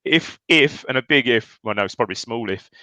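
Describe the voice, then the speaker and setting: A man's voice: medium pitch, lively intonation, fast talker, sharp tone, no echo, highs cut off. A man co-hosting a casual football podcast, rambling with many restarts and fillers. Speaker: podcast co-host. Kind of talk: casual chat.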